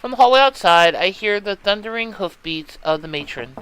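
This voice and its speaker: A man hosting a let's play who reads the story of a text game aloud in an expressive storytelling way. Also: high voice, normal speed, few pauses, slight background noise, low-quality recording. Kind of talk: reading interactive fiction aloud.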